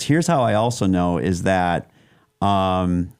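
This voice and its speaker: A podcast co-host, male, chats casually in a low, animated voice, taking his time, with a darkish, clean tone. He rambles, restarting often and using lots of fillers. The recording is dry, with clean studio sound.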